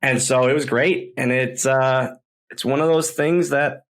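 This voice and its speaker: A man's voice: mid-range voice, steady tone, measured pace. Man, podcast storyteller, enthusiastic, rambling, repeats phrases. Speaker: podcast host, former wrestler.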